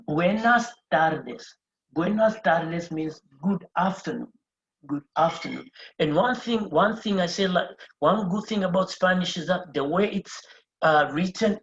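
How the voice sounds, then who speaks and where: A Spanish teacher giving a beginner lesson at a board. They explain step by step, repeat phrases and spell words out letter by letter. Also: mid-range voice. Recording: roomy, dull lo-fi sound.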